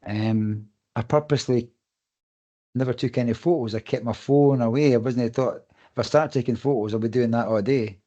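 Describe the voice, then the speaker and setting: A relaxed man, talking at an average pitch. He tells stories casually on a podcast and swears now and then. His tone stays easygoing throughout. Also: normal speed, highs cut off. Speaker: podcast co-host and race runner.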